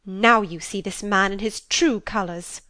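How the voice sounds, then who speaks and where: A woman's voice: mid-range voice, measured pace, sharp tone, no echo, clean studio sound. A woman playing a haughty aristocratic eldest daughter in an amateur drama reading.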